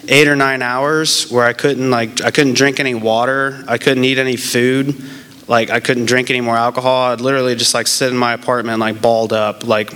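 A man, likely in his twenties, talks through his past in a casual, unscripted way, starting over and trailing off often. His voice is smooth and clean, at an ordinary pitch, and his tone stays frank and self-mocking. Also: level tone, fairly bright tone. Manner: rambling, halting, many fillers and restarts; candid and self-deprecating. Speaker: person in recovery sharing his story. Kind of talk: casual personal testimony.

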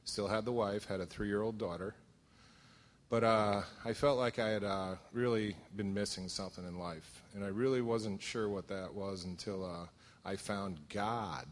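Middle-aged man from Connecticut, low voice, wry testimony speaker with lots of ums. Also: steady tone, moderate pace. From southern Connecticut. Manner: humorous, self-deprecating storytelling with many fillers. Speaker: recovery meeting speaker. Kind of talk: personal testimony at a support meeting.

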